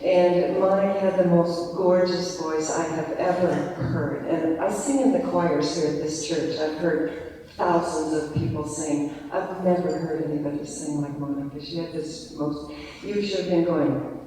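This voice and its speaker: A man's voice: fairly high pitch, fairly even intonation, a little slow, dark tone, slight background noise. A man who sings in a church choir, giving a laughing memorial tribute in a church, in an echoey recording from far off. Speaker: choir singer.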